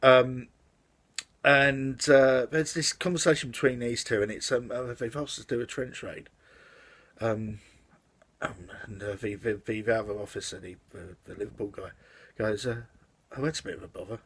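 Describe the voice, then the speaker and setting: A man's voice: mid-range voice, fairly even intonation, moderate pace, fairly bright tone, husky. A man casually reviewing a film in his vlog, rambling with lots of fillers and restarts. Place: outside the house.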